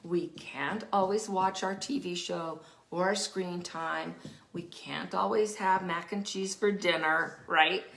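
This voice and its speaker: A woman's voice: fairly low pitch, takes it slowly, gravelly, roomy sound. A woman parenting specialist and teacher giving casual advice, acting out what children and parents say and dropping to a whisper for emphasis. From Denver area, United States. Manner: animated, acts out quoted children and parents, drops to a whisper for emphasis. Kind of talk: casual explanatory advice talk.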